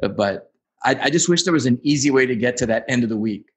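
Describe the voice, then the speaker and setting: A man's voice: mid-range voice, expressive, fast talker. A man hosting a podcast interview, talking candidly and casually and repeating words as he goes. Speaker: podcast host.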